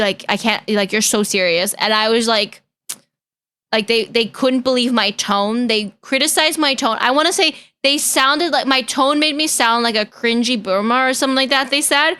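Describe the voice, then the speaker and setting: A young woman streaming, reacting to videos and chatting with her viewers in a joking, deadpan way. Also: on the high side, normal speed, clear, resonant tone. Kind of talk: casual live-stream reaction chat.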